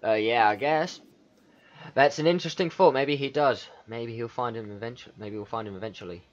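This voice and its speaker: Brief: man, mid-pitched, casual profane gamer reacting and reading text aloud, lo-fi sound. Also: fairly quick. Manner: swears a lot, reads game text aloud and reacts. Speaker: gaming video creator. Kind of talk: casual let's play commentary.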